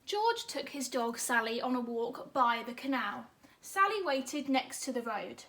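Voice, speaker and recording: A fairly high-voiced woman teaching an online grammar lesson to young children. She sounds upbeat and encouraging, and she slows right down to spell words out letter by letter. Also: big pitch swings, bright, forceful tone. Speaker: primary school teacher.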